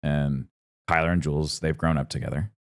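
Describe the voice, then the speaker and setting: A man's voice: rumbling low, brisk. A man in his thirties co-hosting a podcast in casual chat, telling stories animatedly and acting out voices. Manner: animated storyteller, acts out voices. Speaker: podcast co-host.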